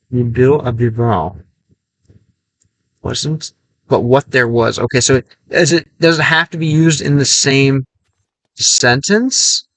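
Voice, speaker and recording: A man streaming a game, chatting casually and thinking aloud in a halting, self-correcting way. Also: medium pitch, a bit bright, dry recording, rough recording. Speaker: language-learning streamer. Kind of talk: casual livestream chat while gaming.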